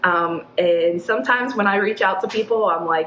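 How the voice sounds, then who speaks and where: A woman, chatting casually in an interview and acting out quotes in a high, laughing voice. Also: normal speed, fairly bright tone. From Arkansas, USA. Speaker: executive director of a downtown nonprofit, interview guest. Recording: echoey room with faint ambient noise.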